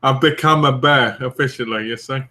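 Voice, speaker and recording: A man's voice: mid-range voice, brisk, very noisy. A man chatting casually as co-host, playful and jokey while telling stories. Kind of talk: casual chat.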